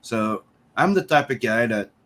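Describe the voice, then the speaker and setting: Man, casual podcast co-host, loose and profane, mid-pitched. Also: lively intonation, unhurried, fairly bright tone. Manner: casual, swears, laughs often. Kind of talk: casual chat.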